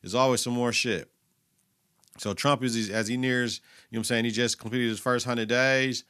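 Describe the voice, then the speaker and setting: A man's voice: mid-range voice, steady tone, normal speed, fairly bright tone, clean tone. A man hosting his own podcast, giving blunt, profane, slang-heavy commentary in a casual solo monologue. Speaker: podcast host.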